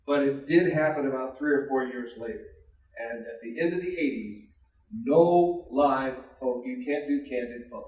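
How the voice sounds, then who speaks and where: A man's voice: mid-range voice, moderate pace, dull audio. A man, a former radio DJ, telling a story to a class in a casual way, acting out everyone's lines as he goes. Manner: animated storyteller who acts out every character's lines. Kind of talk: casual anecdote. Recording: echoey room, voice from far off.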